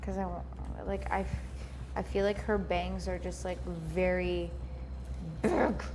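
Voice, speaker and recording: A woman's voice: lowish voice, little pitch movement, measured pace, darkish tone, slight background noise. Chat casually as a young woman hosting a crafting stream, full of likes and fillers. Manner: chatty, lots of likes and fillers. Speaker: host. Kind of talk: casual chat while styling a wig. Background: music.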